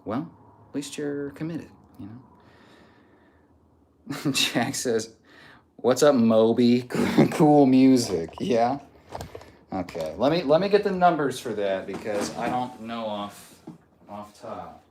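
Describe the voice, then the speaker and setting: A man's voice: medium pitch, very animated, slow, pauses often, echoey room, slight background noise. A man hosting a casual livestream and reading out viewer comments, easygoing and often trailing off into a murmur. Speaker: livestream host. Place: home room on a stretching livestream.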